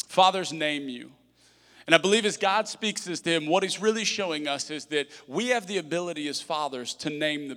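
Bright-voiced pastor preaching in a hall. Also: male voice, on the high side. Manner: energetic, conversational with humorous asides. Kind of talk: sermon. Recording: long reverb of a large hall.

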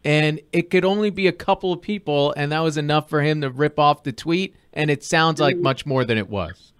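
A man co-hosting a sports talk show, animated, opinionated and argumentative. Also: a little high, moderate pace, clean tone, no room sound, clean studio sound. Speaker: co-host.

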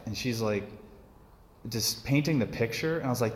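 A man's voice: mid-range voice, normal speed, long pauses, a little hiss or hum. A man preaching a homily in a loose, conversational way, full of fillers and restarts. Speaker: priest. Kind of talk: sermon. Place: church. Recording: echoey church hall.

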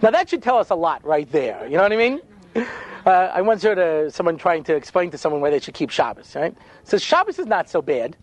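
A man, a rabbi, telling funny stories in an animated way, with quick asides and acted-out voices. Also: fairly high pitch. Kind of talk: humorous storytelling talk.

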